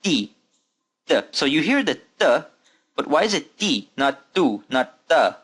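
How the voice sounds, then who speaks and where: A man's voice: a little high, sing-song, a little slow, a bit bright, breathy edge. A man teaching an Arabic reading lesson, patiently repeating letter sounds and asking students to follow along. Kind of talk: recorded language lesson.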